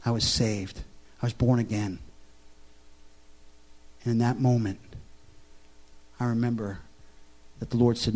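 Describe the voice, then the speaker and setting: A man preaching a sermon, telling his own testimony and asking the congregation questions, swinging from loud excited storytelling to a hushed, soft confession. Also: on the low side, normal speed, pauses often. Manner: asks the audience questions.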